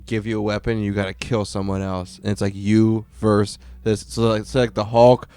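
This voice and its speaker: A man's voice: fairly low pitch, level tone, brisk, dark tone, smooth, no echo. Rambling, profane young man. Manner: rambling, profane, acts out quotes. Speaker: podcast co-host. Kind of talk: casual chat.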